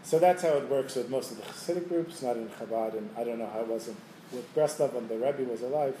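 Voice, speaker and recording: A man telling a Hasidic story to a class, lively and chuckling, in a room with listeners. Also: mid-range voice, quick pace, a little hiss or hum. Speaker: Torah teacher. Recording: roomy room, faint ambience.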